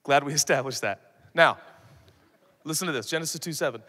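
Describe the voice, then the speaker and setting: A man in his thirties preaching to a youth conference, swinging from shouts to quiet asides. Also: fairly high pitch, a little fast, pauses often. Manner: animated, shifts from loud shouts to soft asides, acts out quoted voices. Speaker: pastor. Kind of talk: sermon. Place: large conference hall. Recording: long hall reverb.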